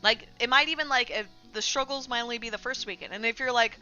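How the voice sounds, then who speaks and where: A woman's voice: a little high, a little fast, bright, forceful tone, lo-fi sound, faint music behind. A woman streamer hosting a casual livestream and chatting bluntly with her chat, swearing freely as she goes. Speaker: streamer host.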